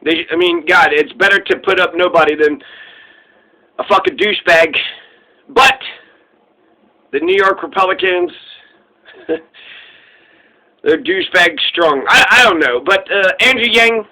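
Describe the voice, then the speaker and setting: Solo political commentator, male, sarcastic and profane, high and piercingly bright. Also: expressive, a little slow, pauses often, poor audio. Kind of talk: casual profane political rant.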